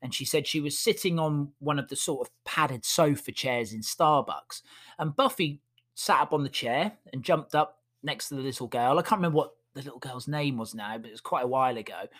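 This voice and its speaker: A man's voice: on the high side, animated, moderate pace, a bit bright. Chatty man telling stories. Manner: chatty, amused, lots of fillers. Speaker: podcast host and dog walker. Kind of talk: casual storytelling.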